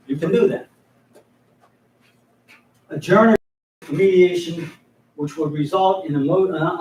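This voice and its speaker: In a mediation training class, an older man models a mediator's opening statement, folksy and joking, with sentences he keeps stopping and restarting. His voice is on the high side with a darkish tone. He's recorded from afar in an echoey room, with a bit of hiss or hum.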